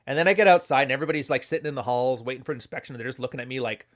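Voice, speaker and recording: A man's voice: mid-range voice, racing. A man hosting a casual livestream, telling a story in a blunt, profane way. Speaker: commentary host.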